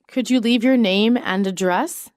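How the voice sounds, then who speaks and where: A woman reading business English sentences aloud in a measured, clearly enunciated way. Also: fairly high pitch, darkish tone, no room sound, studio quality. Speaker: English phrase reader. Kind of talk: slow read-aloud example sentences.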